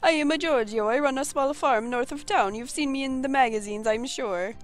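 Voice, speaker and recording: A woman's voice: sits high, fairly quick, soft background music, pitched above the performer's own voice, close to an everyday voice. A woman voicing a vain, pompous male farmer with a put-on Italian accent and a flowery, grandiose way of talking. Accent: fake Italian.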